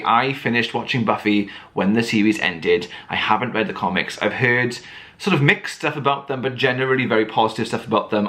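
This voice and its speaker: A man's voice: lowish voice, a bit bright. A man chatting to camera as a book vlogger, rambling with lots of fillers and restarts. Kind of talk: casual chat to camera.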